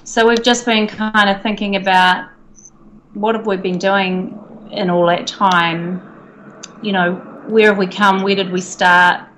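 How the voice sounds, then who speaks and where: A woman with a New Zealand accent, a guest talking through a video call in a relaxed, thoughtful way. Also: medium pitch, measured pace, slight background noise. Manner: thoughtful, relaxed, some fillers. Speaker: guest, senior safety executive. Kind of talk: casual interview.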